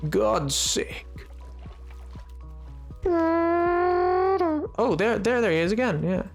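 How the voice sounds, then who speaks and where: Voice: medium pitch, normal speed, vocal fry, soft background music. A streamer giving playful, chatty live commentary to chat while playing a game, indoors at a desk microphone. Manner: playful, chatty, self-mocking.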